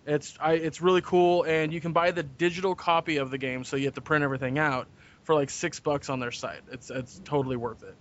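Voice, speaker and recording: Guy cohosting a podcast, jokey wry asides, voice a bit high, muffled lo-fi audio. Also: steady tone, fairly quick. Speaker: podcast co-host. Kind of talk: casual chat. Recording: dull lo-fi audio.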